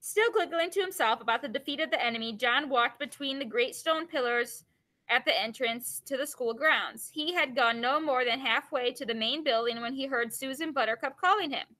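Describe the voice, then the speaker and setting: A woman reading a children's chapter book aloud, pausing to explain the story in plain, casual words. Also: sits high, pushed and bright, rough recording.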